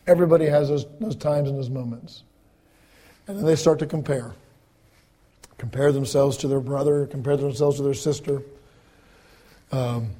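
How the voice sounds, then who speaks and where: A man preaching a sermon in a conversational way, repeating words and swinging between loud emphatic lines and soft, low ones. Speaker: pastor.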